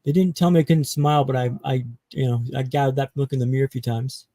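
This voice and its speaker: A man from Canada, a podcast guest, telling his own story with dramatic pauses. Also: mid-range voice, mellow, no room sound, rough recording. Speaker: guest speaker.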